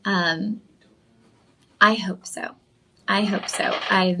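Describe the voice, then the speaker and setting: A woman's voice: mid-range voice, fairly even intonation, very slow, pushed and bright, a little hiss or hum, low-quality recording. A young woman hosting a live jewelry sales show, chatty and enthusiastic, talking straight to viewers. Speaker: shopping channel host.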